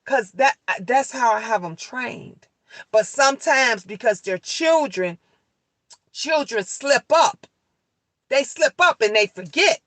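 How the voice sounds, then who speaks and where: A middle-aged woman talking straight to her livestream chat, heated and emphatic, swearing and hammering her points home. Her voice has a bright, forceful edge, and the sound is close and dry with no room echo. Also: fairly high pitch. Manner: talks straight to her viewers, answering their comments.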